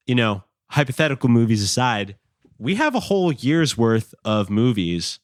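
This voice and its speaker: A man's voice: fairly low pitch, dry recording, studio quality. A young man hosting a podcast, chatting casually and rambling with lots of fillers and the odd swear word. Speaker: podcast host.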